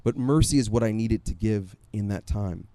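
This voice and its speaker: A man preaching a sermon in a conversational, animated storytelling way, often acting out his own asides. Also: on the low side, normal speed, dry recording. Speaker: pastor.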